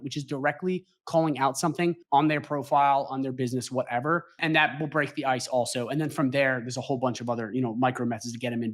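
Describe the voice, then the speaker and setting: A man as the guest expert, explaining emphatically and checking in with "okay?" as he goes. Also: a little high. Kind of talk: casual explanation.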